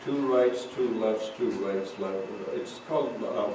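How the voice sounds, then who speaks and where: A man's voice: fairly low pitch, measured pace, hardly any pauses. A man teaching drum rudiments, explaining patterns and calling out stickings between demonstrations in a drum room. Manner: calls out stickings while playing. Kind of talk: recorded drum lesson, talking between demonstrations. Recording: roomy echo, far from mic, noisy.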